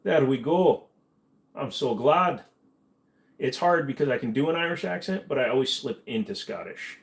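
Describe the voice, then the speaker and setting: A man's voice: mid-range voice, expressive, moderate pace, creaky. A man hosting a casual livestream, rambling and joking as he reads chat comments aloud and answers them.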